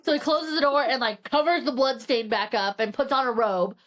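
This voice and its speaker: In a casual book recap chat, a high-voiced young podcast co-host animatedly summarizes a thriller at a slightly fast pace. She acts out the characters' lines and swears casually.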